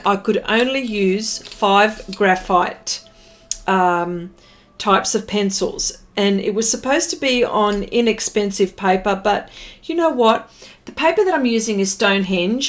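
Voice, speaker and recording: A woman's voice: mid-range voice, a bit bright. A middle-aged Australian woman hosting an art livestream, chatty and a bit flustered as she greets viewers by name. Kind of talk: casual live-stream chat.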